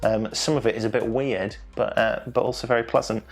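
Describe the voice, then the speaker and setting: A man's voice: lowish voice, steady tone, a little fast, faint music behind. A young man hosting an online quiz from home, playful and jokey, stumbling over foreign names. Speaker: quiz host.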